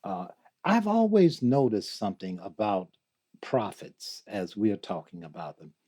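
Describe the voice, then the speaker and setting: An older man as a guest in an interview, talking slowly and reflectively, reciting poetry and laughing often. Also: lowish voice, wildly swooping pitch, a little mellow. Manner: slow, musing, quotes poetry, laughs often. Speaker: guest, theologian.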